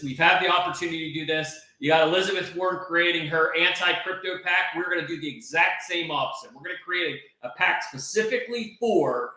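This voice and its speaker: A man speaks to an online panel in a rallying, somewhat preachy way, stacking plan after plan. His voice is bright and forceful and sits a bit high. The sound rings heavily around a hard, echoing room. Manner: preachy, rallying, repeats "we're gonna". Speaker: organizer and speaker of a crypto round table. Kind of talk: enthusiastic speech to an online panel.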